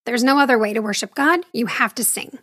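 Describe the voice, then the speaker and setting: Woman, candid personal storytelling, slightly high voice, dry close sound, wry asides. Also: fairly quick, a bit bright, dry recording. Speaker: speaker sharing her faith journey.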